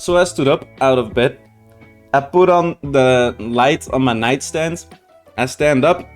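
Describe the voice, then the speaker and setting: A man with a mid-range voice hosts a reaction channel and tells viewers a rambling story, swearing often and restarting his sentences.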